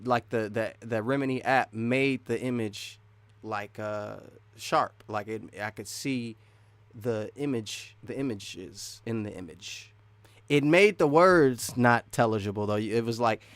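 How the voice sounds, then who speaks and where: A man's voice: medium pitch, smooth, dry recording. Guy rambling on his live stream, dry close mic, mid voice. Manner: rambling, restarts often, laughs between thoughts. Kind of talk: casual live stream chat.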